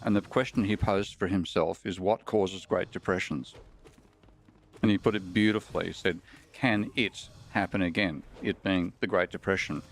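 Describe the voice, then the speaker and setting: Australian man, podcast guest, low voice, measured storytelling delivery. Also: fairly even intonation. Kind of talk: conversational explanation.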